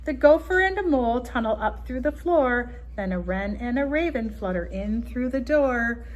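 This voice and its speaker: A woman's voice: a little high, expressive, moderate pace. A woman reading a picture book aloud in a rhythmic, playful way. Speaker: storybook reader.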